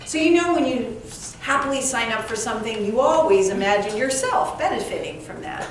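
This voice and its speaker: Her voice is a little high and fairly quick. She's an author and speaker being interviewed at a live event, telling comic stories with lively energy and acting out lines of dialogue, captured by a far-off mic in an echoey room with faint background noise.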